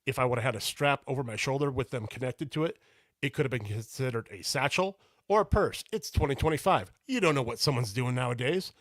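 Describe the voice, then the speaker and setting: A middle-aged man co-hosting a casual podcast, telling a story with animated exasperation. His voice sits at an ordinary pitch. It is recorded close and dry on a studio mic. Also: a little fast, no echo. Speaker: podcast co-host.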